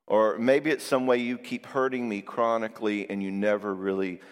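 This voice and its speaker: Low-voiced man preaching in a reverberant hall. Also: normal speed, clear, resonant tone. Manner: animated storytelling with acted-out quotes; engages audience with frequent "all right?" asides. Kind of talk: sermon.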